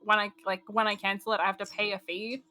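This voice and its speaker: A woman's voice: mid-range voice, little pitch movement, fast talker, sharp tone. A woman streamer chatting casually while gaming, in a valley girl drawl full of "like".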